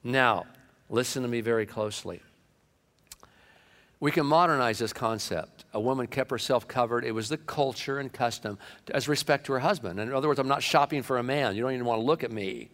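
Animated preacher man in echoing hall. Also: medium pitch, brisk. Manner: animated, acts out comic voices and quotes. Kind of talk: sermon. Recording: long hall reverb.

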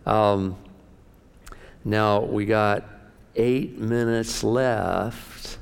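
A middle-aged man preaching a sermon as pastor, folksy and excitable, often jumping up in pitch and loudness. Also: slow pace, gravelly, long pauses, clear, resonant tone, in a large hall.

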